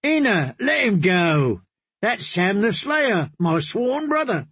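A man's voice: sits high, very animated, slow, fairly bright tone, slightly rough, no room sound, voice pushed up, exaggerated voice. A man voicing a drunken, boastful young male singer who teases and swaggers in an audiobook. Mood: tipsy boastful. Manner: teasing, swaggering.

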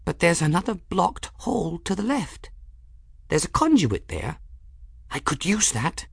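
A man's voice: a little high, big pitch swings, unhurried, vocal fry, slightly rough, no room sound, clean studio sound, pitched above the performer's own voice, heavily acted. A man reading an audiobook voices an odd, dreamy young woman who whispers in a wavering, fussy way.

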